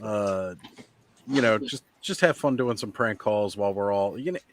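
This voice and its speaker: A man's voice: lowish voice, normal speed, low-quality recording. Chatty male live stream host. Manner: chatty storyteller, animated when quoting people. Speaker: livestream host. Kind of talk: casual chat on a live stream.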